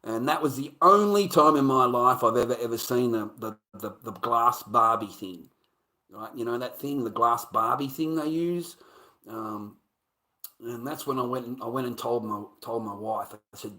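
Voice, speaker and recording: A man streaming live, rambling through a story with heavy swearing and animated bursts. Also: mid-range voice, moderate pace. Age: adult. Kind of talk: casual livestream storytelling.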